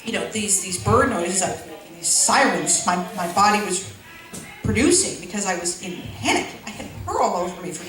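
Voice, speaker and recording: A woman's voice: mid-range voice, animated, moderate pace. A woman doing stand-up comedy who rambles through a story with stumbling restarts and giggly asides. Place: school event hall. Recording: echoey hall, far from mic, noisy.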